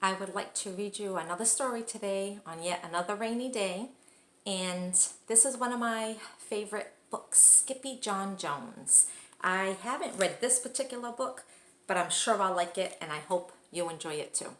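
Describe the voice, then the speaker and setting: A woman teacher reading a children's storybook aloud with expressive, animated narration. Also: medium pitch, normal speed, reverberant.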